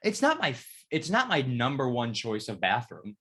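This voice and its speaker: A young man and podcast co-host telling a rambling, profanity-laced story in casual chat, his retelling getting animated. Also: mid-range voice, normal speed, slightly rough. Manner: rambling storytelling, heavy swearing, lively retelling.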